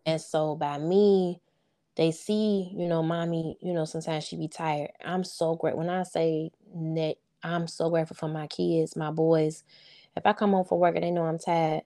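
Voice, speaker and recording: Earnest woman with a low, mellow voice. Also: flat delivery, normal speed. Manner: earnest, heartfelt and informal, with frequent "you know what I'm saying". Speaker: interview guest, single mother of sons. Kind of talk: casual heartfelt interview chat.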